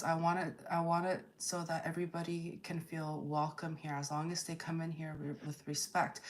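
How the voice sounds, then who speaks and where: A woman's voice: on the low side, slight background noise. A woman hosting a tarot livestream, reading viewer comments aloud and firmly setting chat rules. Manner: slow and deliberate, firm about chat rules.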